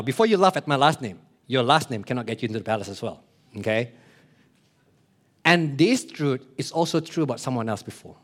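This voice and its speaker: A man's voice: mid-range voice, fairly bright tone. A man preaching a sermon, explaining earnestly, repeating key phrases and asking the congregation questions. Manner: plays short voices in his illustrations.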